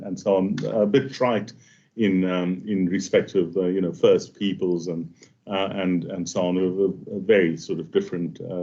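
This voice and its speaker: A man giving a halting academic seminar talk, full of fillers and restarts, over muffled online call audio. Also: low voice, darkish tone. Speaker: invited speaker.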